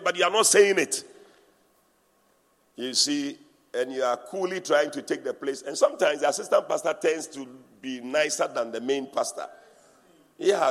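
A man preaching a sermon, animated and teasing, breaking into laughter and acting out what people say. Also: high-pitched. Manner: animated preaching with laughter and mimicry of church talk. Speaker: pastor. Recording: reverberant hall.

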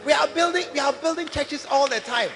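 A man preaching a sermon to his congregation, calling for responses and rising to shouts. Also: very high voice, brisk. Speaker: pastor. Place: large church hall. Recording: reverberant hall with faint music.

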